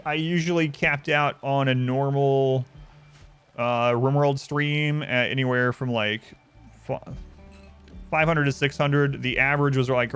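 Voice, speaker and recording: A man's voice: medium pitch, fairly bright tone, clear, resonant tone. Wry male game streamer chatting to chat. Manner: rambling, wry, chatting to viewers. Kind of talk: casual live-stream commentary.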